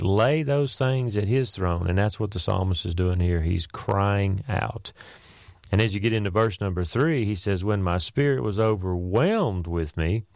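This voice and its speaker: A man preaching a conversational sermon, often pausing with "you know" and "uh". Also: on the low side, vocal fry, darkish tone, dry recording, studio quality.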